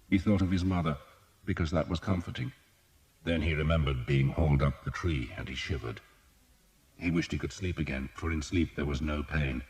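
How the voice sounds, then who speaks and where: Very deep-voiced male audiobook narrator. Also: darkish tone, long reverb tail. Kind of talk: scripted narration.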